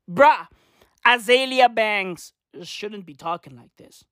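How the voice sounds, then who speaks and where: A woman giving excitable, profane reaction commentary, repeating slang fillers. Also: on the high side, takes it slowly, clear, resonant tone, no room sound, clean studio sound.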